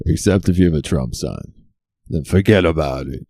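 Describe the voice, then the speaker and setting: A man with a low, dark voice riffs through a sarcastic comedy monologue as the show's host. He leans on rhetorical questions and unhurried timing. The sound is dry and close. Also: no room sound. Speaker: comedy talk show host. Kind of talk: stand-up style topical monologue.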